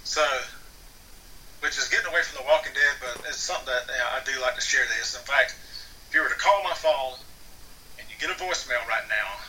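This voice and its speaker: A man spins a loose, rambling story, often doubling back on his words. His voice is strikingly bright and forward. He sits somewhat away from the microphone, with a faint hiss of noise underneath. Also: medium pitch, distant mic, low-quality recording. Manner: rambling, repeats words as he restarts sentences. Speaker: actor guest. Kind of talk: casual storytelling. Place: home near Atlanta.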